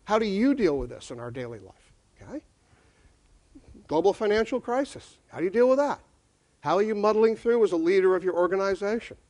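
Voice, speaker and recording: Male speaker, high voice, emphatic, addressing a live audience with rhetorical questions. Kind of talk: conference talk.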